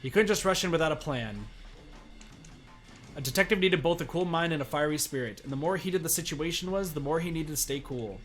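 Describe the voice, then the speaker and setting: A man streaming a visual novel, reading its text aloud in an animated way and shouting excited reactions between lines. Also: fairly high pitch, fairly quick, soft background music.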